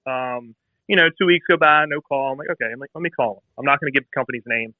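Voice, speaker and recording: A man's voice: medium pitch, fast talker, no echo. Man, 30s, chatty interview guest acting out stories, tinny phone-line sound, dry. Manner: animated, acts out phone calls in quoted voices. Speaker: bike builder guest. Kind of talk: casual storytelling interview.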